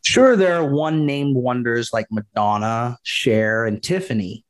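A man hosting a casual trivia quiz, teasing the players and reading the questions out slowly. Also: mid-range voice.

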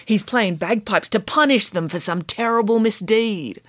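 A woman voicing a dry-witted, joking mother in a read-aloud story, with deadpan, playfully absurd reasoning. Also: medium pitch, moderate pace, no echo, pitched above the performer's own voice, close to an everyday voice. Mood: musing.

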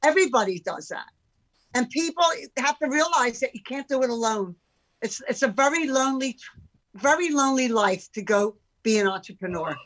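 Animated woman in her sixties. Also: a little high, brisk, low-quality recording. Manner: animated, emphatic, with rhetorical questions. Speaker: entrepreneur guest. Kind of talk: casual chat.

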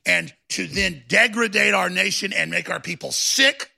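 Gravelly high-pitched ranting man. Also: unhurried. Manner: combative, escalates into shouting. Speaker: talk show host. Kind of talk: heated political rant.

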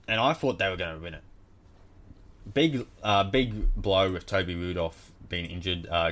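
A deep-voiced man with an Australian accent runs through results in a casual rant. He is blunt and exasperated and swears constantly. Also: a bit bright. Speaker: podcast host.

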